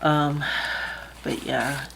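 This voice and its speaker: Casting: chatty woman vlogger, low voice, emotional edge, faint room hum. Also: flat delivery, extremely slow, creaky. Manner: chatty, laughs easily, talks through her math aloud. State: emotional, close to tears. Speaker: budgeting vlogger. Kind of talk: casual talk to camera.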